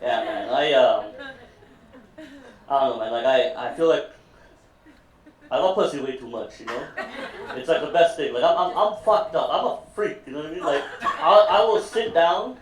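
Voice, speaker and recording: A man's voice: a little high, moderate pace, long pauses. Rambling crude male stand-up comic, roomy. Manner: crude, rambling, heavy on "you know what I mean". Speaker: stand-up comedian. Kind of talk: live stand-up set. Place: live comedy venue with audience. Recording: roomy, distant mic, loud background noise.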